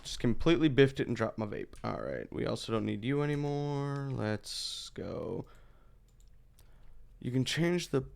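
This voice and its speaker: A man's voice: medium pitch, sing-song, unhurried, vocal fry. A man in his thirties chatting casually as he streams a game, rambling with profane asides.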